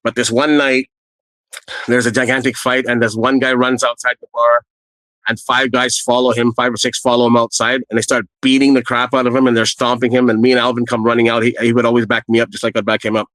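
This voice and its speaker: A man's voice: medium pitch, flat delivery, brisk, a bit bright, no room sound, poor audio. A middle-aged man telling his own stories in a casual, earnest, rambling way, with plenty of fillers. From Canada. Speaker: storyteller guest. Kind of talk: casual first-person storytelling.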